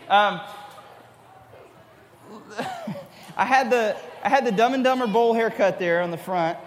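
Man, 30s, youth speaker, high-pitched, animated, long reverb. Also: normal speed, long pauses, slight background noise. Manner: animated, acts out his younger self. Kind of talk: youth talk to middle schoolers.

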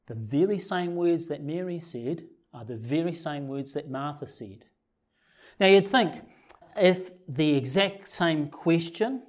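Man preaching in a relaxed, chatty sermon. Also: a little high. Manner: conversational, asks the congregation rhetorical questions. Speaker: pastor.

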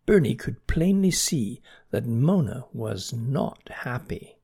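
A storyteller reading a children's animal story aloud with gentle, expressive narration. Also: medium pitch, slow, few pauses, breathy edge.

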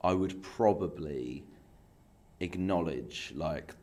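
A man's voice: low voice, slow, darkish tone. A man co-hosting a podcast in casual chat, teasing his friend and laughing often. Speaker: podcast co-host.

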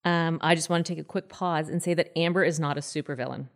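Female podcast host, thirties, low voice, chatty and animated true-crime teller. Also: quick pace. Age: 30s. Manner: chatty, animated, acts out quoted people in a higher voice. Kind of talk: casual true-crime storytelling.

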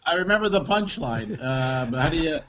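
A man's voice: on the high side, lively intonation, normal speed, a crowd in the background. A man co-hosting a comedy podcast, telling jokes and road stories in loose, casual chat and swearing freely.

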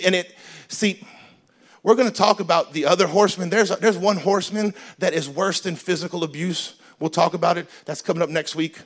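A man preaching a sermon as pastor in a church, animated and joking, switching between loud emphasis and quiet asides. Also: high voice. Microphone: handheld microphone.

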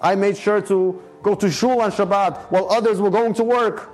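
A man's voice: sits high, fairly even intonation, moderate pace, soft background music, pitched above the performer's own voice. A man voicing a tired devout father who pleads and justifies himself. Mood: aggrieved. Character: weary, aggrieved devout father complaining.

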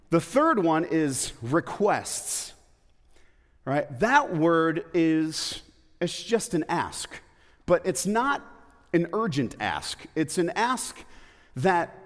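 A pastor delivers a sermon in a church, speaking conversationally with rhetorical questions and playful asides. His voice sits on the high side and sounds a bit bright, with long hall reverb on the recording.

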